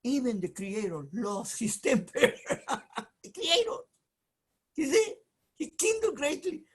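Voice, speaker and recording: Male rabbi, slow, husky, emphatic Torah teacher in broken English. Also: very high-pitched. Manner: emphatic and animated, in broken English with frequent restarts; jokes and talks aside to someone off mic. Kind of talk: informal Torah lesson.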